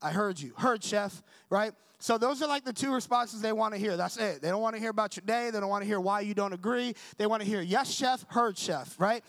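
A young man delivers a sermon as a story, acting out the people in it and often turning to the listeners for agreement. His voice sits high for a man and keeps a casual, conversational ease. The recording is close and dry, with almost no room sound. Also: fast, hardly any pauses, no echo. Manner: animated storyteller acting out dialogue; conversational, asks the audience for agreement. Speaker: preacher.

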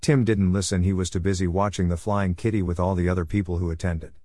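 A man reading a story aloud chapter by chapter, halting now and then with small restarts. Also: low-pitched, steady tone, warm tone, no echo, clean studio sound.

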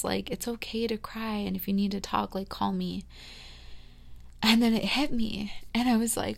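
A woman in her thirties talks her way through a rambling, confiding podcast monologue, full of fillers. Her voice carries a gravelly vocal fry at a middling pitch. She drops to near-whispers and then swells loud again. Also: little pitch movement, normal speed. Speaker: podcast host. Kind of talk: reflective personal monologue.

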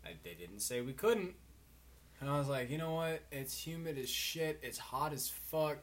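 A man's voice: medium pitch, big pitch swings, normal speed, a little hiss or hum. A drunk young man telling a rambling, profane story in casual chat with friends.

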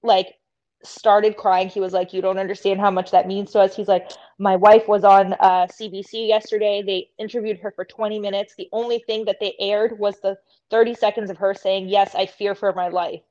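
A woman's voice: medium pitch, little pitch movement, normal speed, warm tone, no room sound, muffled recording. A woman from Canada, a podcast guest, telling emotional stories in casual chat and swearing freely.

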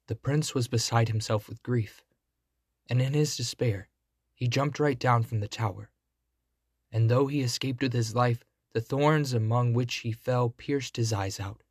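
A man reading a fairy tale aloud in a measured storybook manner. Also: medium pitch, a little mellow, husky, dry recording, studio quality.

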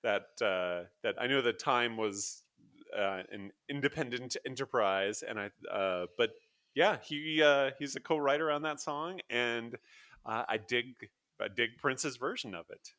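A man co-hosting a podcast in casual chat, relaxed and hesitant, with many fillers. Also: medium pitch, measured pace. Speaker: podcast co-host.

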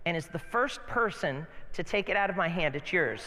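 A male pastor delivers an animated, playful sermon, often repeating his phrases. His voice is high and bright. The church hall gives it a long reverb. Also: moderate pace.

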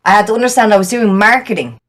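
Irish woman, blunt, swears a lot, quick casual storytelling, podcast guest. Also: medium pitch, fairly bright tone. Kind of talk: casual chat.

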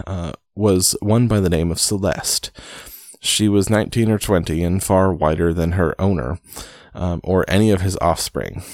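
A man with a low, deep voice reads a book aloud, stumbling and restarting now and then. He breaks off for dry, self-deprecating asides. The sound is close and dead, with no room echo. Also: darkish tone. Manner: wry, self-deprecating asides between read passages; reads slowly with frequent fillers and restarts. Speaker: reader and commentator.

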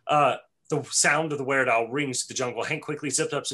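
A man with a bright, forceful voice walks through a plot recap on a podcast, scene by scene. He is playful and laughs easily between the beats. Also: mid-range voice, fairly even intonation, quick pace. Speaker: podcast co-host recapping an episode. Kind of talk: casual chat and plot recap.

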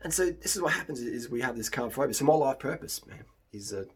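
Husky Australian man, animated rant. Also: fast. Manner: animated, mimics others in high put-on voices. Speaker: vlogger. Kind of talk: unscripted monologue to camera.

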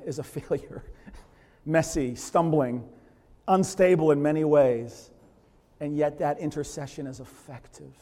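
A man's voice: warm tone, big-room sound. A man preaching a sermon, acting out scripture characters in quoted speech. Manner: dramatizes biblical figures in quoted voices, pitch rising sharply. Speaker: pastor.

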